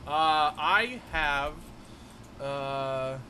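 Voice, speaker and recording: A man co-hosting a casual podcast chat, animated and quick to laugh. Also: a little high, a little hiss or hum. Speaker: podcast co-host.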